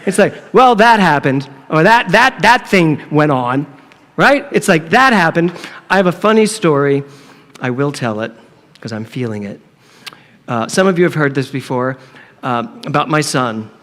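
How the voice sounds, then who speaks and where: Animated male minister in a reverberant hall. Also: fairly high pitch, moderate pace. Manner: animated, playful, acts out dialogue. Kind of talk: sermon with humorous story. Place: church sanctuary.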